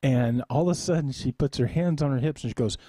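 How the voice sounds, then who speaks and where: A man's voice: mid-range voice, fast talker, mellow, slightly rough, no room sound. A man hosting a live webcast, telling a rambling, self-deprecating story in a casual way and laughing often along the way. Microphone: desk microphone in a studio.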